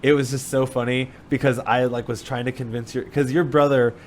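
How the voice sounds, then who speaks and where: A man's voice: medium pitch, flat delivery, fairly quick, darkish tone. Laid-back male podcast host. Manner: laid-back, casual and chatty. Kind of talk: casual podcast chat.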